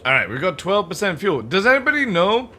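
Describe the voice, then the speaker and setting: A man's voice: high-pitched, sing-song, fairly quick, pushed and bright, a little hiss or hum. Chatty joking male game streamer. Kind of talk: casual live-stream chat.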